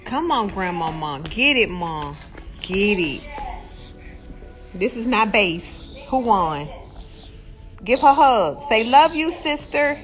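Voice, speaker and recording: A woman's voice: medium pitch, very animated, slow pace, long pauses. A woman filming her children at home, coaxing and teasing them in a playful, casual way. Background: music.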